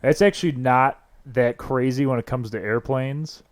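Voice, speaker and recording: A man's voice: mid-range voice, moderate pace, no echo, clean studio sound. Male co-host, mid voice, talkative and casual. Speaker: podcast co-host. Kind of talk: casual podcast chat.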